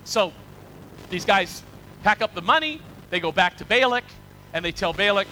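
A man preaching a storytelling sermon, animated and conversational, with repeated words and asides to his listeners. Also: high voice, normal speed, pauses often, soft background music, low-quality recording.

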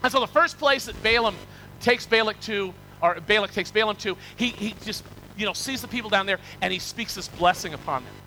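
A man preaching a storytelling sermon, animated and conversational, with repeated words and asides to his listeners. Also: sits high, brisk, a little hiss or hum, rough recording.

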